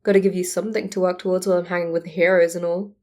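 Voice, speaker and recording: A woman's voice: lowish voice, flat delivery, racing, warm tone, lightly acted. Izuku, a woman voicing a cocky teenage boy.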